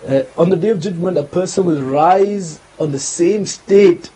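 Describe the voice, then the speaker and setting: Mellow-voiced man explaining religious teaching. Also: high-pitched, slightly rough, poor audio. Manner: measured, explanatory, checks in with "yeah?". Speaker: religious talk show co-host.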